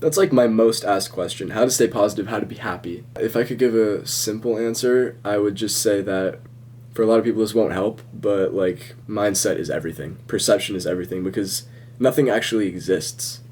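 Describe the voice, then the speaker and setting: A young man answering viewer questions in a relaxed, rambling way, chuckling often. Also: fairly low pitch, brisk, slight background noise. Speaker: social media creator answering viewer questions. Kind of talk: casual Q&A vlog.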